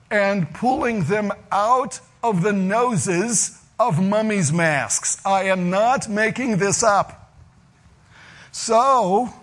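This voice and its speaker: High-voiced man preaching emphatically. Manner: emphatic, deliberate preaching with slow stressed phrases. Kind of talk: sermon teaching.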